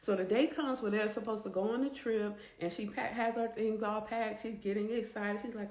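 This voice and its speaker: A woman narrating a storytime vlog in an animated, conversational way. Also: medium pitch, normal speed, few pauses. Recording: echoey room.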